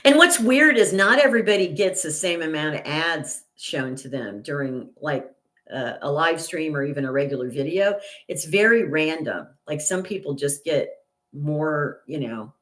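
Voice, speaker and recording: An older woman chats away on her own livestream with a lower-pitched voice. She rambles through her thoughts with plenty of fillers and restarts. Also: expressive, normal speed. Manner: indignant, gets loud and high when retelling an argument. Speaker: channel host. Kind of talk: casual livestream chat.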